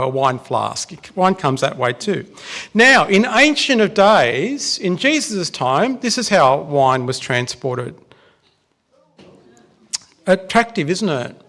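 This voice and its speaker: High, gravelly Australian male preacher. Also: a bit bright. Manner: chatty, joking with the congregation. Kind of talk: casual sermon. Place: church.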